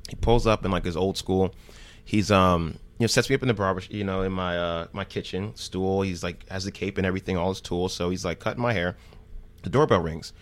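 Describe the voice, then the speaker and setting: Low-voiced man telling animated stories. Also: a little fast. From New Jersey. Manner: animated, acts out quoted dialogue. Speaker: podcast guest. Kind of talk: casual storytelling chat.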